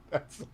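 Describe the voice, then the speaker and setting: Foul-mouthed man telling stories on a live stream. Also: no echo. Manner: profane, animated storytelling with laughs. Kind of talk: casual live-stream storytelling and chat.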